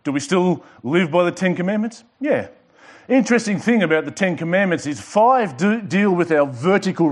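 A man's voice: mid-range voice, a little mellow. A male pastor preaching a sermon with emphatic delivery, repeating and underlining his words. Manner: emphatic preaching with pauses and repetitions.

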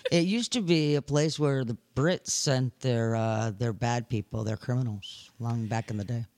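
A man's voice: medium pitch, moderate pace, darkish tone, dry recording. Witty male co-host, dry sound. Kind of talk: casual radio banter.

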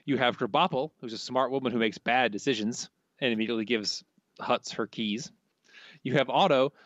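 Male co-host, mid pitch, slightly dull lo-fi mic, dry delivery. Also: no room sound. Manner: dry, matter-of-fact quizzer. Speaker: podcast co-host. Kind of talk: casual trivia chat.

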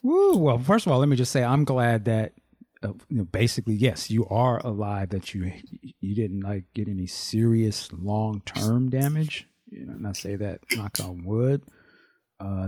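A man's voice: on the low side, dark tone, husky, dry recording, clean studio sound. A man co-hosting a casual podcast chat, supportive and reflective, with loose fillers. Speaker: podcast co-host.

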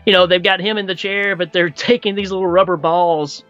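A man's voice: sits high, brisk, highs cut off, soft background music. A man co-hosting a podcast, casually discussing film influences with many fillers. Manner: relaxed, hesitant with fillers, knowledgeable about film. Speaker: podcast co-host.

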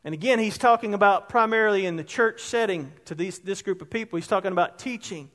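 A man's voice: high-pitched, fast, a bit bright. A man preaching a sermon as pastor, conversational and often asking his congregation questions, in a church sanctuary. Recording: long hall reverb.

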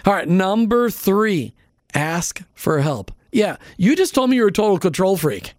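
Radio host, man, high and very animated voice, chatty questioner, dry close sound. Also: a little slow, no echo. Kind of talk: radio interview.

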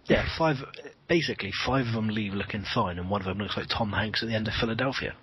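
A man as a podcast guest in casual chat, telling crude jokes in a deadpan way. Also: on the low side, fast, breathy edge, lo-fi sound.

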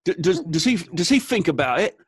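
A man in a casual group chat, ranting with lots of swearing and a lively, joking manner. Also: fairly high pitch, fairly quick, husky, dry recording, studio quality. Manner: profane, animated ranting.

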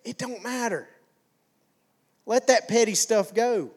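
Folksy pastor, tenor-high voice, chatty preaching style. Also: male voice, slow pace. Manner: folksy, conversational preaching with repetition. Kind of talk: sermon.

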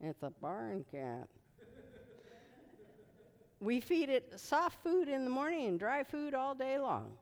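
A woman preaches a sermon with a high voice that leaps around her range. She is bright and unhurried, shouting at times and chatting through stories at others. Her voice rings out in a hall with a long echo. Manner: animated, shouting commands at spirits, then chatty storytelling with asides. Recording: reverberant hall.

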